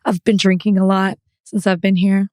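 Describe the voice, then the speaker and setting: An animated woman co-hosting a podcast tells a story in casual chat, laughing as she goes. Her mid-range voice moves at a normal speed, recorded dry with clean studio sound.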